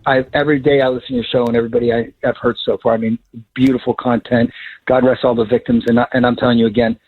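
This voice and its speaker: A man's voice: medium pitch, level tone, fast, breathy edge, dry recording. A man being interviewed as a guest expert on a radio show, talking in a fired-up, emphatic way. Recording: tinny phone line.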